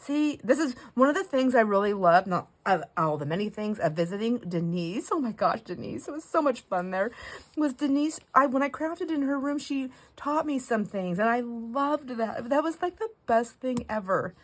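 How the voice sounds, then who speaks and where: Excitable middle-aged woman vlogger, casual rambling chat, squeaky gushing peaks. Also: moderate pace, low-quality recording. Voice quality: goes squeaky when excited. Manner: gushing, rambling with self-corrections. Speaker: craft vlogger. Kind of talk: casual chat while opening mail.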